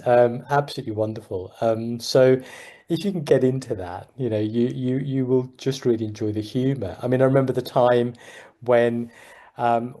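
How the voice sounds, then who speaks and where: A man with a London accent, a general practitioner giving an informal talk to fellow doctors and telling lively stories with frequent laughter. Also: medium pitch, normal speed. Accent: London English. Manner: animated storyteller, laughs often.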